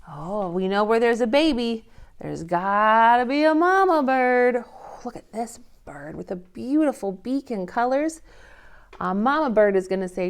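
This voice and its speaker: A woman leading a toddler storytime, reading picture books and singing gently in a slow, sing-song way. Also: on the high side, animated, smooth. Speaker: children's librarian. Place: library storytime recorded on camera.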